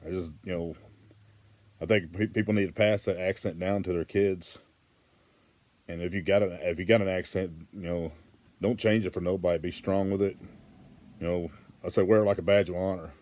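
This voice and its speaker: A man's voice: low-pitched, fairly even intonation, normal speed, long pauses, a little mellow. A man from Arkansas with a Western Arkansas Southern accent, talking earnestly to camera in a rambling, casual vlog. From Arkansas, USA. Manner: rambling, earnest, frequent fillers and restarts. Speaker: vlogger.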